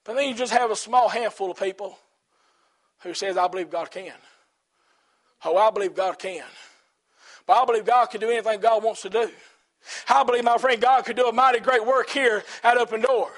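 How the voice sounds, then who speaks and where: High-voiced preaching pastor. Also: male voice, fairly quick, pauses often. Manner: rhythmic preaching with repeated phrases, rising to shouts. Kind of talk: sermon. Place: church.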